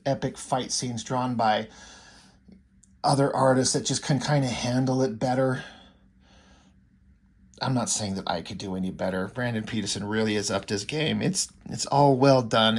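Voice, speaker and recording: Rambling, casual male comic reviewer. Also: medium pitch. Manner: rambling, frequent restarts and fillers, casual swearing.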